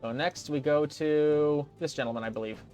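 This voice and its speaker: A man's voice: on the high side, moderate pace, a little mellow, faint music behind. Casual, sarcastic let's play guy. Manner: casual, sarcastic, swears freely. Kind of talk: casual gameplay commentary.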